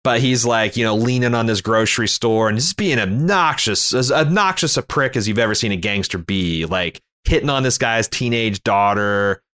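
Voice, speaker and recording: A man with a fairly low voice talks through a film in a loose, casual way. He rambles, restarts his sentences and swears freely, like a friend chatting on a podcast. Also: normal speed, few pauses, a bit bright, no room sound, clean studio sound. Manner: rambling, profane, jumps to high-pitched impressions. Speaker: podcast co-host.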